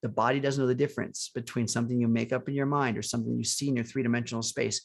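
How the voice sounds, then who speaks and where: Rapid-fire and gravelly yet level in tone, this medium-pitched co-host delivers a live online spiritual coaching talk. He urges surrender and a focus on joy in an earnest, motivational manner punctuated by restarts and chuckles.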